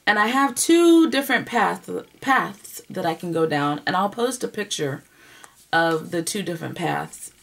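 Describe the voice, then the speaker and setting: A woman's voice: lowish voice, measured pace, gravelly. A woman hosting a knitting podcast, chatting casually to camera with lots of laughter. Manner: chatty, animated, laughs often. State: emotional, near tears at times.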